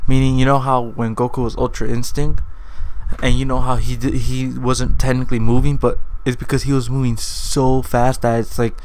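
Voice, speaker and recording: A man's voice: mid-range voice, little pitch movement, normal speed, darkish tone, a little hiss or hum, poor audio. A man hosting his own video, talking casually and rambling, often correcting and repeating himself. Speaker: anime video host. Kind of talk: casual commentary vlog.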